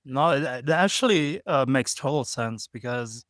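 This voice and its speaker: A man's voice: mid-range voice, expressive, a little slow, a bit bright, no room sound, clean studio sound. A man from Germany, hosting a podcast in an easygoing chat, often searching for words. Recorded at a backpackers hostel. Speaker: podcast host. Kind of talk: casual conversation.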